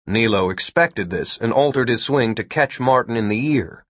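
A man narrates an audiobook from a script in a lively, expressive storytelling style. His mid-range voice moves at a moderate pace, captured in clean studio sound with no echo.

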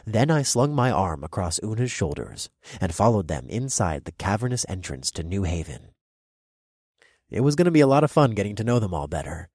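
A man's voice: lowish voice, very animated, a little fast, a little mellow, husky, no room sound. A man narrating first-person fiction for an audiobook in a brash, swaggering manner, close to the mic.

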